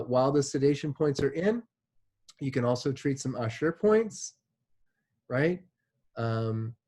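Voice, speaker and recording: A man's voice: medium pitch, darkish tone. A man giving a classroom lecture in a casual, chatty way, often checking in with "right?" and using many fillers like "like" and "you know". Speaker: instructor.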